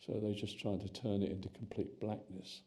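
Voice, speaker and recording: A man's voice: on the low side, flat delivery, a little fast, warm tone. An older man recalling wartime in an oral history interview, searching for his words.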